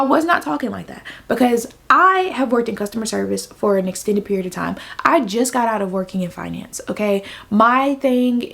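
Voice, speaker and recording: A woman's voice: mid-range voice, gravelly, fairly bright tone. A young woman telling a personal story to camera in an emphatic, venting way, repeating her points for stress. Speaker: vlogger. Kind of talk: casual storytime.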